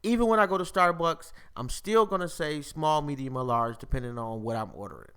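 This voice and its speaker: A man's voice: fairly high pitch, fairly quick, clean tone. A man hosting a live-streamed podcast, chatting casually with lots of swearing and laughter. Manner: profane, animated, laughs often. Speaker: podcast host.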